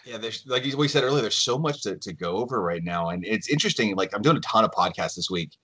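A man who works as a lead game developer, chatting as a podcast guest in an easygoing, self-deprecating way as he thinks out loud. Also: lowish voice, expressive, fast talker, slightly rough. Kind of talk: casual podcast chat.

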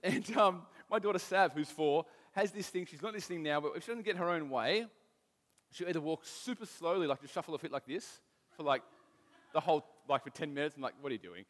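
A man's voice: fairly high pitch, a little fast, fairly bright tone, in a large hall. A man, preaching a casual sermon with stories from home, often restarting his sentences. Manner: conversational, self-deprecating, restarts often.

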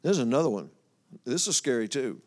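A man's voice: mid-range voice, sing-song, fairly quick, darkish tone. A man preaching a sermon in a casual, folksy way, reading scripture aloud and talking it over with his congregation. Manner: folksy, talks to the congregation, loses his place and laughs.

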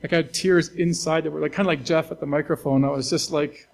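A man's voice: on the high side, steady tone, a little fast, creaky, rough recording. A man pastor delivering a conversational, earnest sermon to his church, with fillers and restarts.

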